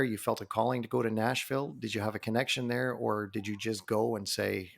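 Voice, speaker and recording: Gravelly-voiced guy hosting a podcast, curious friendly questions. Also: lowish voice, steady tone, brisk, few pauses, fairly bright tone. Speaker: podcast host. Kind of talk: casual podcast interview.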